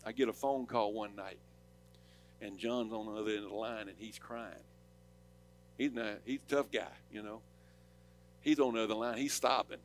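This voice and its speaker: A man with a Southern accent preaching a sermon, rising to loud, urgent declarations and dropping to quiet storytelling. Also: mid-range voice. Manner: impassioned, swings from loud preaching to soft storytelling. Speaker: pastor.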